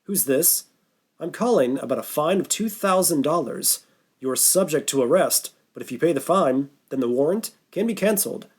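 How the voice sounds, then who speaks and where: A man's voice: a little high, lively intonation, moderate pace, slightly rough. A man voicing a fumbling male phone scammer who reads stiffly from a script. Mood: insistent.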